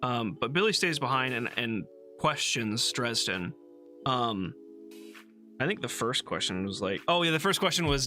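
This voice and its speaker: A man with a bright, forward voice talks through a book in a relaxed livestream chat, often pausing on ums and restarting his sentences. He sounds amused by what he is recapping. Soft music plays faintly behind him. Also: mid-range voice. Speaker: book club host. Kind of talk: casual book discussion on a livestream.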